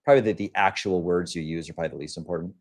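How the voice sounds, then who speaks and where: With a deep voice racing along, a young man hosts a livestream and rants casually in a blunt, crude way. He often slips into acting out quoted lines from others.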